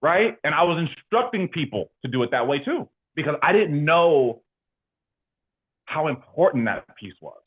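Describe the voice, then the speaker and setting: A man talking casually as an interview guest about his work, animated and slangy, with lots of fillers. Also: a little high, normal speed, breathy edge. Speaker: insurance agency leader and guest. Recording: tinny phone-like line.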